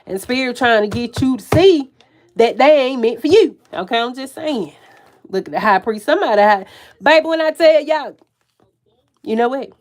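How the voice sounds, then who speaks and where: A woman with a country Southern accent doing a live tarot reading, loud and profane, often laughing and stumbling over her words. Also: on the high side, animated, normal speed. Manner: profane, slangy, self-interrupting. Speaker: tarot reader.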